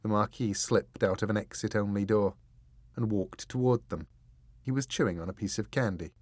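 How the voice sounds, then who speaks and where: A man reading an audiobook in measured, deliberate scripted narration, close to the mic. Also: lowish voice, a little mellow, no echo.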